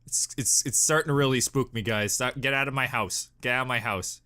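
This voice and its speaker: A young man hosting a casual reaction video, talking in an animated, giggly way that swings from loud bursts down to mumbles. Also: mid-range voice, a little fast, clean tone.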